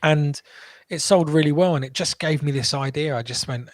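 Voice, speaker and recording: Animated man telling stories. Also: mid-range voice, dry recording. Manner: animated, quick restarts, acts out quotes. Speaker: guest entrepreneur. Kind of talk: casual interview storytelling.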